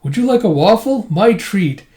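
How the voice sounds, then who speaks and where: A man's voice: high-pitched, normal speed, pitched above the performer's own voice. A man voicing a sweet, confused old man who apologizes a lot, while reading a comic aloud. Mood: doddering. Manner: apologetic, overly excited outbursts.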